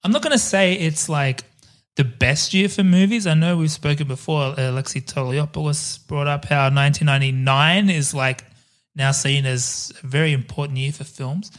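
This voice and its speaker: A man's voice: on the high side, normal speed. A man co-hosting a casual film-review chat, rambling through lists and laughing easily. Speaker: podcast co-host.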